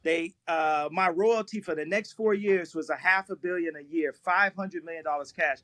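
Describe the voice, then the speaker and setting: Guy with a high voice telling wild stories on a live stream, keeps cracking up, dry close mic. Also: normal speed, no room sound. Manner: laughs through his stories, animated, repeats himself. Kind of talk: casual storytelling.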